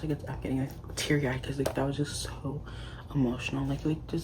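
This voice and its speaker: A man's voice: fairly high pitch, fairly even intonation, fairly quick, noisy background. A man giving a casual book review in a vlog, gushing and leaning on constant "like" fillers.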